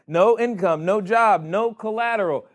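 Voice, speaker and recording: A man with a slightly high voice leads a live seminar audience through a board game. He talks in a playful way and keeps teasing the room with questions. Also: normal speed. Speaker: real estate educator running a board game.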